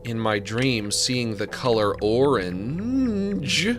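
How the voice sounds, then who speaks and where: A man's voice: mid-range voice, very animated, drawn-out words. Rambling jokey male streamer over game music. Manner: rambling, jokey, talks to himself and chat. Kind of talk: casual live-stream commentary.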